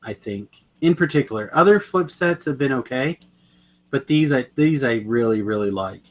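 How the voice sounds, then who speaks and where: A man's voice: mid-range voice, lively intonation, normal speed. A man co-hosting a podcast, chatting casually and enthusiastically, often rambling and correcting himself mid-sentence. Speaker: podcast co-host. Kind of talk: casual chat about card games.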